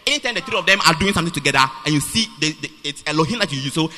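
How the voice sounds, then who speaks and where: A high, bright-voiced man preaching with a lively, swooping delivery. He repeats and restarts his phrases emphatically, and his voice rings with the long reverb of a church hall. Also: rapid-fire, few pauses. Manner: animated, repetitive, emphatic with many restarts. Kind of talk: sermon.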